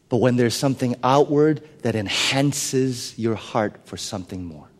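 A man preaching a sermon, swinging between loud emphatic bursts and hushed, whispered asides. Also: medium pitch, long reverb tail. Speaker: pastor.

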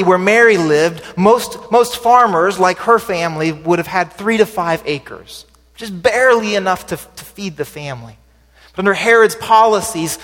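A man's voice: high voice, a bit bright. Man preaching conversationally in a reverberant hall. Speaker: pastor. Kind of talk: sermon. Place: church sanctuary. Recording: sermon recording with long hall reverb.

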